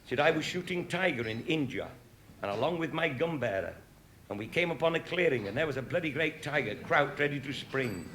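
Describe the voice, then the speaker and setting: A man's voice: on the high side, animated, fairly quick, fairly bright tone, a little hiss or hum. A man telling comic anecdotes in a dry, earthy way, swearing casually and chuckling at his own jokes. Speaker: comic storyteller.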